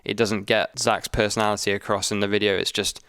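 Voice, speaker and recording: A young man, a video editor, calmly explaining his editing choices with dry humour. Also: lowish voice, fairly quick, clean tone, no echo. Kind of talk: casual breakdown chat.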